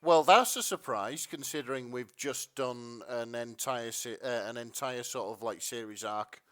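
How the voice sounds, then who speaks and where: A man's voice: medium pitch, normal speed, a bit bright. A man co-hosting a podcast, chatting in a rambling, sarcastic way. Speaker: podcast co-host. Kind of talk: casual chat.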